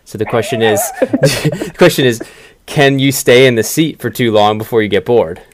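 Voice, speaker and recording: A man's voice: medium pitch, normal speed, noisy background. A man hosting a podcast, asking long, searching questions with many restarts. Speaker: podcast host. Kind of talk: interview questions, conversational.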